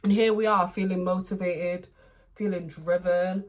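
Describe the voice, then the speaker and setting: A young woman chatting casually while doing her makeup at home, laughing often and breaking into playful bursts of excitement. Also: lowish voice, a little slow. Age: young adult. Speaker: beauty vlogger. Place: home room, indoors.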